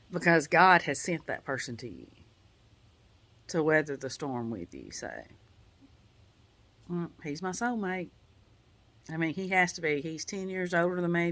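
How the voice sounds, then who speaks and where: A woman vlogger with a deep, fairly bright voice gives a casual personal update. She rambles heartfeltly, saying "you know" a lot, and tears up at times.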